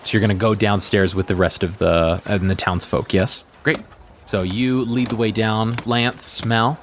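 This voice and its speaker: A man narrating as game master of a tabletop role-playing podcast, relaxed and brisk. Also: fairly low pitch, slight background noise.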